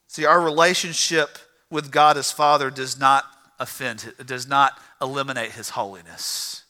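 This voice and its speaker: A man preaching a sermon as a pastor, impassioned, swinging from loud emphatic lines to hushed ones. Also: medium pitch, steady tone, moderate pace. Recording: long reverb of a large hall.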